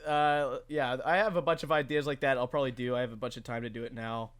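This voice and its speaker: A man's voice: mid-range voice, fairly even intonation, fast, fairly bright tone, clear, resonant tone. A young man hosting a podcast, chatty, full of fillers, who laughs easily. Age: young adult. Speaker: podcast host. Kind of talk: casual podcast interview.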